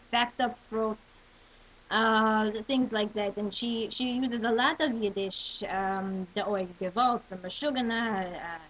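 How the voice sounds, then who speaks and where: A woman talking casually to her webcam in a rambling way, with many restarts and frequent throat-clearing. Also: medium pitch, a bit bright. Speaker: video blogger. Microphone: webcam microphone. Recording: muffled webcam audio with faint hiss.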